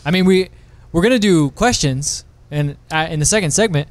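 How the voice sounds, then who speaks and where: A man's voice: a little high, moderate pace, no room sound. A man co-hosting a casual podcast with dry, teasing wit. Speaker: podcast co-host. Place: office building, top floor.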